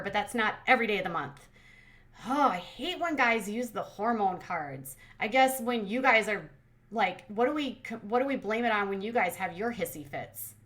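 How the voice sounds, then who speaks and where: An adult woman hosting a commentary channel, recapping a reality show in a quick, sarcastic, casual way. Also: medium pitch, fairly bright tone. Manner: fast-talking, sarcastic.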